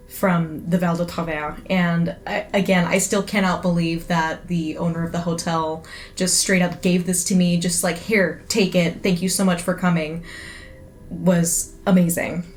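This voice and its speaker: A woman giving a chatty, enthusiastic casual review, with many fillers. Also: fairly low pitch. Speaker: absinthe reviewer.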